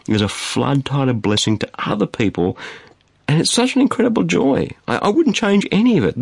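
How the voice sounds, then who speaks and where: A man preaching a sermon in an emphatic, animated way, repeating phrases for stress. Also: medium pitch, gravelly, dry recording. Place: studio.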